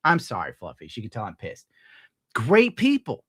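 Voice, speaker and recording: A man ranting casually on his stream at home, swearing, laughing often and scolding his dog loudly between points. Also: medium pitch, huge pitch swings, moderate pace, husky, no room sound, clean studio sound. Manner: profane, rambling, laughs often. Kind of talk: casual rant on a live stream.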